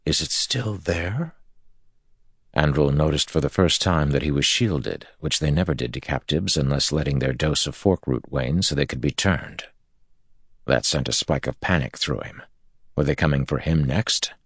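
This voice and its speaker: A man reads an audiobook as scripted narration, telling the story in a measured way. His voice is extremely deep, gravelly, and husky, recorded close and dry with no room sound.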